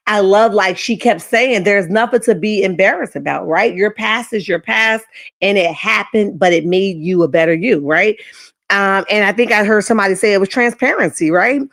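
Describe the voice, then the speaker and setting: A woman's voice: medium pitch, a bit bright. A woman hosting a casual livestream, chatting about a clip and greeting viewers in the chat. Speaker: reaction channel host.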